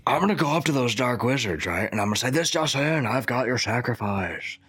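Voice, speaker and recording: A man's voice: mid-range voice, expressive, fast talker, a bit bright, husky. A man playing a tabletop game, talking in a goofy, swaggering way and swearing often. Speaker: player. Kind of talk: in-character role-play.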